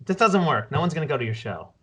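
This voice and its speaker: A man's voice: on the high side, lively intonation, fast, fairly bright tone, a little hiss or hum. A man hosting a casual podcast interview, chatting with his guest and sharing stories. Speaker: podcast host.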